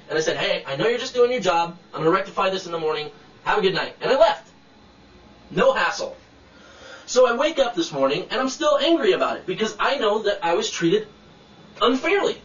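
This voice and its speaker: Indignant man with a high voice venting to camera, swearing, in a roomy room with the mic set away. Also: a bit bright, distant mic, highs cut off. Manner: indignant, blunt, swears freely. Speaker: vlogger telling a personal complaint. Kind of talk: casual video rant to camera.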